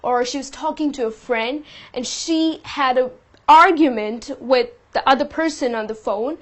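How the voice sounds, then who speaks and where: Female teacher, higher voice, patient and explanatory, lesson delivery. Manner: patient, explains with example sentences. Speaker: English teacher.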